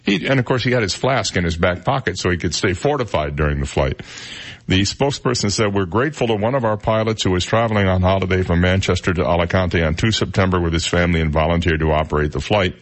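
Male radio host, lowish voice, chatty, jokey, reads news items aloud. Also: fast talker. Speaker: radio talk show host. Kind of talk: casual radio talk, reading news stories.

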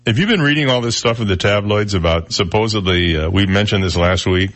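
Man, radio talk host, low voice, casual joking chat, studio mic. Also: fairly quick, a bit bright. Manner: joking, chuckles at own jokes. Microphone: studio microphone.

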